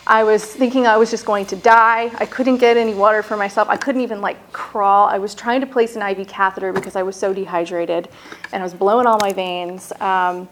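A woman telling her own recovery story in a candid personal testimony, halting and peppered with "like" and "you know". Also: medium pitch, steady tone, a little hiss or hum, rough recording.

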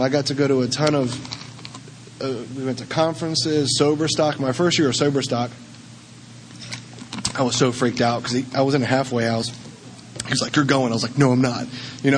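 Rambling man with a higher voice. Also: slight background noise. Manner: rambling, conversational, many fillers. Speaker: speaker sharing at a recovery meeting. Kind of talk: personal recovery story.

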